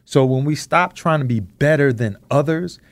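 A man co-hosting a podcast, talking in an earnest, reflective way as he slowly builds his points. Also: mid-range voice, dry recording. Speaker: podcast co-host. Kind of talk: casual discussion.

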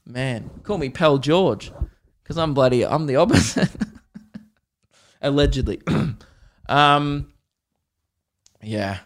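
A man's voice: mid-range voice, expressive, takes it slowly, pauses often. A young man from Australia ranting in a profane, jokey way on a solo podcast. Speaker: podcast host.

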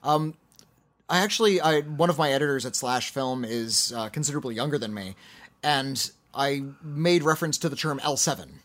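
A man's voice: medium pitch, lively intonation, normal speed, a bit bright. A middle-aged man co-hosting a podcast, reading listener letters and rambling casually with restarts. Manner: rambling, self-correcting, quoting movie lines. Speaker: podcast co-host.

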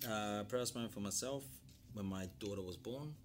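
A male chef and restaurateur answering interview questions in short, relaxed, easygoing replies. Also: fairly low pitch, moderate pace, a little hiss or hum.

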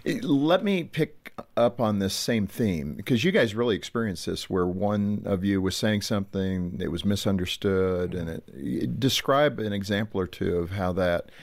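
Male talk host, very deep voice, warm prompting manner with guests. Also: normal speed, few pauses. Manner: friendly, laughs easily, prompts guests. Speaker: podcast host. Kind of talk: hosting a radio-style talk show.

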